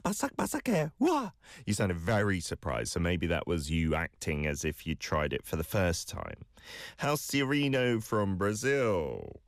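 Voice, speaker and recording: Male language-podcast host, very deep, dry sound, warm encouragement and patient corrections. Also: big pitch swings, unhurried, dry recording. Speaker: language teacher hosting listener clips. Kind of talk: podcast lesson feedback.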